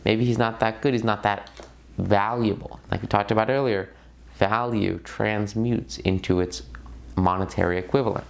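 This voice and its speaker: A young man with a low, gravelly voice gives a casual online lesson. He talks in a loose, conversational way, full of fillers, and hits the key points hard. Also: steady tone, normal speed. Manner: conversational, emphatic, filler-heavy. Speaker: course instructor.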